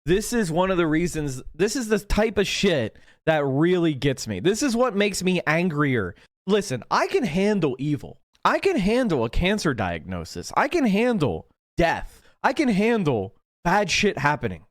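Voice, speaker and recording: A man on a livestream rants with angry, profane emphasis. His voice sits high for a man and swings widely up and down as he hammers each point. The sound is close and dry, with no room around it. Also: wildly swooping pitch, a little slow, dry recording. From Pennsylvania. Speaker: political livestream host. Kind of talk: heated livestream rant.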